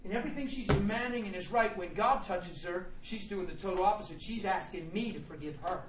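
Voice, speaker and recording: A man preaching a sermon, telling a personal story, moving from hushed speech to shouts and often laughing. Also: sits high, a little fast. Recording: echoey hall, distant mic, dull audio, background noise.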